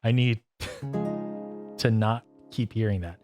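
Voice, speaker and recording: A man with a fairly low voice chats loosely on a stream, breaking off mid-sentence and laughing often. A guitar plays softly under his talk. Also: takes it slowly. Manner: rambling, self-interrupting, laughs often. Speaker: musician streaming a songwriting session. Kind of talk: casual chat while playing guitar. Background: guitar playing.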